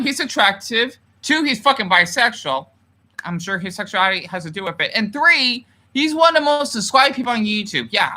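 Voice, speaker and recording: A man's voice: high voice, pushed and bright. A man ranting emotionally on a livestream and reading viewer comments, swearing often and restarting his sentences.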